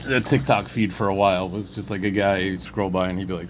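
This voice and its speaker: A man talking alone in a meandering monologue, drifting between thoughts and breaking in with sudden loud interjections. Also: low voice, steady tone, a little fast, hardly any pauses, background noise. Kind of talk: rambling solo monologue.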